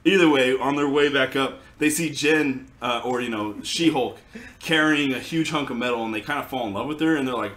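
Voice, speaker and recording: A man chatting casually, recapping a comic in a loose, rambling way full of fillers and quick laughs. His voice sits at an ordinary pitch and carries a noticeable room echo. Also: a bit bright. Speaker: podcast host recapping a comic. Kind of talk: casual chat.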